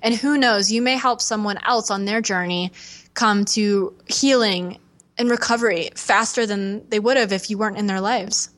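A young woman speaks as a podcast guest in an earnest, heartfelt way. She talks with animation and slips into the voices of people she quotes. Her pitch sits in a middling range. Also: moderate pace, fairly bright tone. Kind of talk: candid podcast interview.

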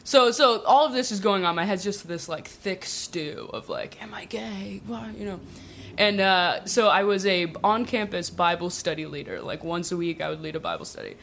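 A woman's voice: on the low side, normal speed, creaky, hardly any pauses, slight background noise. Giggly woman telling a comic story. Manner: giggly, peppered with "like", lively asides. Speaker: guest storyteller.

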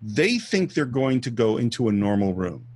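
A podcast co-host on a film show casually walks through movie scenes step by step, acting out the quotes as he goes. His medium-pitched voice is very animated, with a darkish, breathy tone, moderate pace and a dry recording.

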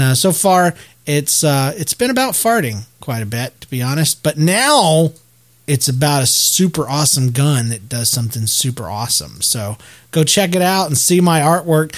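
A man in his thirties hosts a casual solo podcast in a slightly high voice. He rambles, restarts his sentences and jokes at his own expense. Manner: rambling, self-deprecating, many restarts. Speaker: podcast host.

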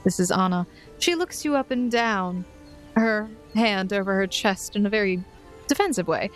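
A woman's voice: mid-range voice, soft background music. Woman narrating as game master. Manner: descriptive, unhurried, with soft laughs.

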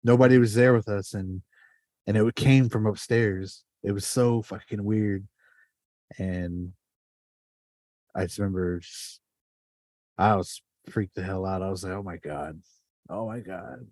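Man, podcast host, loose storyteller, cursing freely, dry close sound, warm tone. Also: fairly low pitch, a little slow, long pauses, dry recording. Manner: animated, swears often, heavy fillers. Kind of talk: casual storytelling.

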